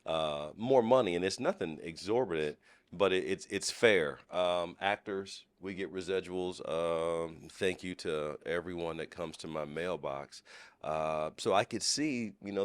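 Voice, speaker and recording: A man with a very low, deep voice chatting as a podcast guest. He is playful and loose, often stopping to restart a thought with an um or uh. The sound is close and dry, with no room around it. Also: measured pace, no room sound. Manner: playful, laughs often, many fillers and restarts. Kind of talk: casual interview chat.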